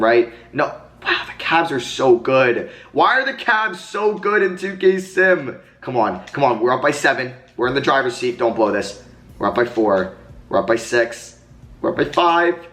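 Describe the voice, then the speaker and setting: A young man giving live commentary while playing a basketball video game, swinging from muttering to excited yelling. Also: mid-range voice. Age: young adult. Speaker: gaming commentator.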